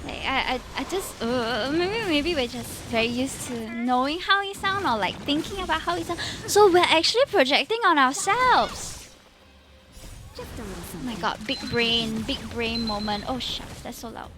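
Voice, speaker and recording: Singaporean girl streamer, high voice, giggly chatty singlish vibe, lots of hiss on the mic. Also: lively intonation, a little slow. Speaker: VTuber streamer. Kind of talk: casual live-stream chat.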